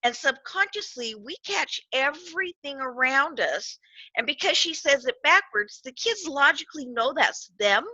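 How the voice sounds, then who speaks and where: This is an older woman hosting a live online talk show. Her voice sits high and rings bright, and she explains things with animation, often correcting herself mid-thought. The audio is dull and very dry, like a web stream. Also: lively intonation, moderate pace, no echo. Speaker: host.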